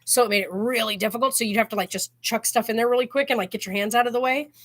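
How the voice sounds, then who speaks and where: A woman's voice: a little high, rapid-fire, fairly bright tone. A woman hosting her own channel, telling stories in a casual chat and filling her sentences with "like". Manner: chatty storyteller, heavy use of "like", laughs while telling. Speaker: channel host.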